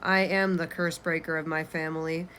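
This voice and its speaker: Low, flat-voiced young woman reading aloud. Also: moderate pace, slight background noise. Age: 20s. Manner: candid, unfiltered, swears casually. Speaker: vlogger. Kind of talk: reading her journal aloud.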